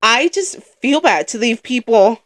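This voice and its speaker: Rambly young woman, lively high voice. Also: unhurried. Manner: rambling, filler-heavy, emotional. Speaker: podcast co-host. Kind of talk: casual chat.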